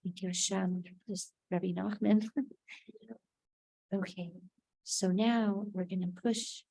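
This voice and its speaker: A woman leads a spiritual teaching at an unhurried pace. Her voice is mellow and soft-edged, and she often pauses to check in with the listener. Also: medium pitch, steady tone, vocal fry, low-quality recording. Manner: unhurried, often ending thoughts with "right?".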